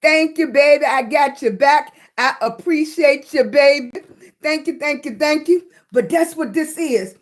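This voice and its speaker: An older woman with a Southern drawl hosts a casual livestream, chatting with viewers and greeting each one by name. Her voice sits high for a woman. She calls people baby and talks in an easy, homey way. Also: unhurried. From Virginia. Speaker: livestream host.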